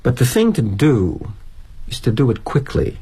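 A middle-aged actor playing a weary, guilt-ridden corporate executive in a dramatic monologue, wry and confiding. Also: male voice, medium pitch, very animated, a little slow, mellow, husky, full character voice.

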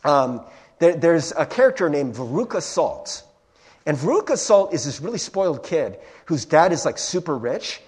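A young male pastor giving a relaxed, conversational sermon. His fairly high voice rises and falls with lively, animated inflection, and he talks with plenty of fillers and self-deprecating asides. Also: normal speed, husky. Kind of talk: casual sermon.

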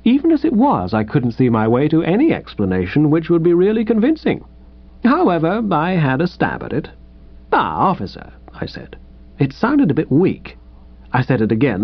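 A man narrates a comic first-person tale, playful and animated, his pitch bouncing all over. The recording sounds dull and lo-fi. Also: dry recording. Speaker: audiobook reader.

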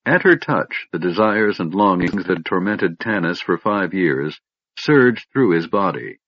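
A man's voice: sits low, unhurried, no echo. Een man met een diepe stem die expressief een fantasyverhaal voorleest, levendige toon, doffe droge opname. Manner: expressive, dramatic storytelling. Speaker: audiobook narrator. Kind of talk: scripted fantasy narration. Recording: dull lo-fi recording.

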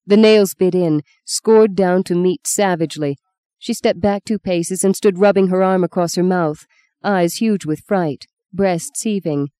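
The narration comes from a woman reading a novel for an audiobook in a steady, measured manner. Her voice is lowish, and the recording is dry with clean studio sound.

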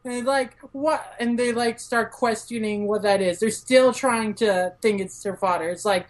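A woman with a mid-range voice, appearing as a podcast guest, recaps a manga chapter in relaxed conversation. She fills her speech with "like" and performs the characters' lines in fast, raised voices.

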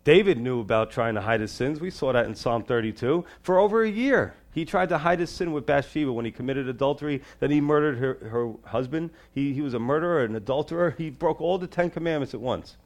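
A man preaching a sermon as a pastor. His delivery swings between raised, emphatic lines and soft, low-pitched asides. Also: a little fast, hardly any pauses.

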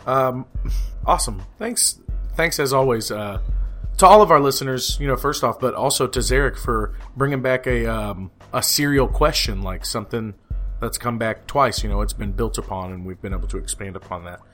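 A man's voice: mid-range voice, fairly quick, fairly bright tone, faint music behind. A man co-hosting a comedic podcast, thanking listeners and reading out their questions with playful teasing. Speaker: podcast co-host.

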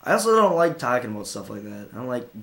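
A man's voice: medium pitch, big pitch swings, quick pace, vocal fry, bright, forceful tone. A man co-hosting a podcast, riffing in profane, laughing banter. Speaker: podcast co-host. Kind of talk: casual chat.

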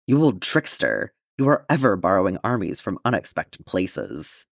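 A man doing a grave, gentle dwarf king. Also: sits low, huge pitch swings, moderate pace, vocal fry, dry recording, clean studio sound, exaggerated voice.

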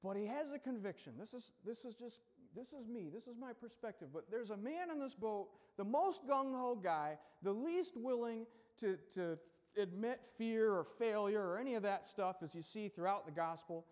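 A man's voice: high voice, animated, moderate pace, darkish tone. A male pastor preaching a casual, joking sermon, acting out the scene as he tells it. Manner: casual, joking storyteller who acts out the scene. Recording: long hall reverb.

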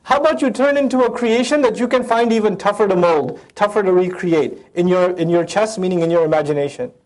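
A man teaching a Quran passage, reciting Arabic verses and translating them, animated as he acts out the voices in the text. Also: high-pitched, fairly quick. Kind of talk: Quran lecture.

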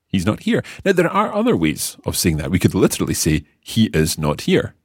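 Deep-voiced husky male language teacher. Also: wildly swooping pitch, fairly quick, dry recording, studio quality. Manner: patient, explains step by step and quizzes the learner. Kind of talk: explaining a language lesson.

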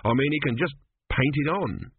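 An unflappable older father, voiced by a male narrator, drawing his words out slowly in a dry, musing way. His pitch rises and falls freely. The sound is husky and narrow, as if over a phone line. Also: animated.

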